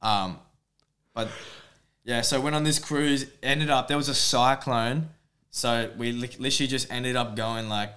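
A man on a podcast, telling a story in a relaxed, rambling way. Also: medium pitch, measured pace, clean tone. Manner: relaxed, rambling, lots of fillers. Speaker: podcast co-host. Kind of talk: casual storytelling chat.

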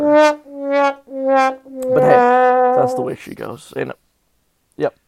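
A man's voice: mid-range voice, gravelly, clear, resonant tone, dry recording. A man from Southern California hosting a casual sports betting podcast, talking animatedly with melodramatic, self-mocking complaints about his bets.

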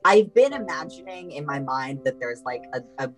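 A woman narrating as game master in a tabletop role-playing game, halting and emotional with many fillers. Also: sits low, expressive, soft background music, low-quality recording.

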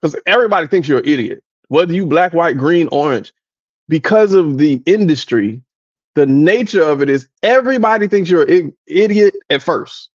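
A man in casual podcast chat, telling an animated story full of impressions and laughter. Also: on the high side, moderate pace, no echo, lo-fi sound. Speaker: podcast co-host.

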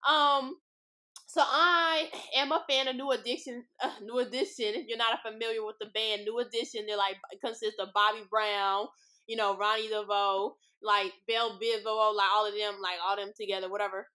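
Bright-voiced, chatty young woman. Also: mid-range voice, little pitch movement, moderate pace. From Los Angeles. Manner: chatty, blunt and profane, with lots of "like" and "y'all". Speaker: podcast host. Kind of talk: casual storytelling monologue. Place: street-side spot with passing cars.

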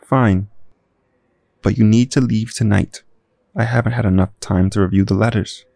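A man's voice: on the low side, steady tone, moderate pace, gravelly, warm tone, dry recording. A man voicing a wealthy Hollywood man who talks with urgent worry in an audio drama.

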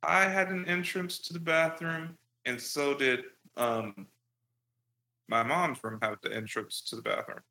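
A man in casual chat, telling a childhood story in a lively, profane way. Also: fairly high pitch, measured pace. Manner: animated profane storytelling with laughs.

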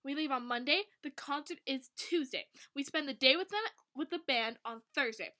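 A young woman co-hosting a podcast, reading a fan fiction aloud with lots of laughter and over-the-top excitement. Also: sits high, normal speed. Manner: animated, laughs often, reads story lines with exaggerated excitement. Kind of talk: casual chat and dramatic reading.

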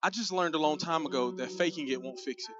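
A man who is a pastor, preaching a sermon in an animated, conversational way. He speaks straight to the congregation and does comic voices for the people in his stories. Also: fairly high pitch, quick pace. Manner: conversational, addresses the congregation directly. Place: church sanctuary. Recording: dull, muffled sound with faint music.

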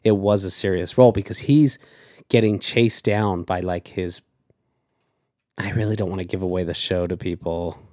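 A man's voice: low voice, fairly even intonation, normal speed, a little mellow, no echo, clean studio sound. A man chatting as a podcast guest, telling a story in a rambling, hesitant way. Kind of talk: casual chat.

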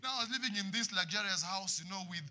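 A man preaching a sermon in church, swinging from loud passionate lines to hushed ones. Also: high-pitched, quick pace. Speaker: pastor.

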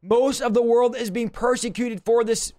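A man's voice: very high voice, fairly even intonation, normal speed, warm tone. A man pastor, livestreaming a Bible teaching from his home office in an urgent, emphatic preaching manner.

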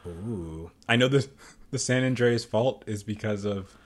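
A man co-hosting a podcast in casual chat, playful and quick to laugh. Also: fairly low pitch. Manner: playful, laughs often, jumps into bits. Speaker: podcast co-host.

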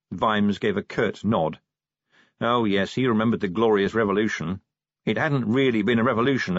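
Husky male audiobook narrator. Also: on the low side, no room sound. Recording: dull dry audiobook recording.

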